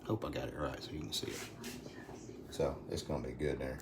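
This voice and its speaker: Heavy background noise surrounds a very deep, flat, fairly quick voice: a middle-aged man with an Alabama accent hosting a casual phone live stream from home. He rambles folksily, calling out viewers by name.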